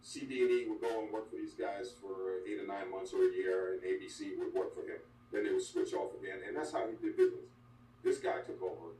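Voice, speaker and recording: An older man, a former wrestler, telling stories bluntly in an interview, animated and full of asides. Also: sits low, fairly quick. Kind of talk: candid storytelling interview. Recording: echoey room, distant mic, faint hum.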